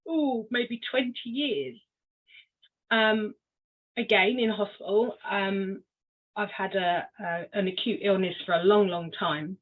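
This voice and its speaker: Older woman telling her story over a tinny line. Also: mid-range voice. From Cornwall, England. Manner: unhurried, reflective storytelling with frequent ums. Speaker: guest. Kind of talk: personal story in a podcast interview.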